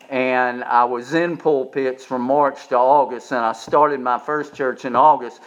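A man's voice: mid-range voice, fairly bright tone. A man, preaching a sermon as pastor, repeating words and building to emphatic peaks. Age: 70s. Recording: dull lo-fi sound.

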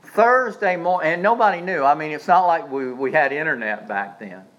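A male pastor preaching a sermon, with dramatic swings between soft asides and shouted emphasis, sometimes drawing words out slowly. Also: fairly high pitch, lively intonation, highs cut off.

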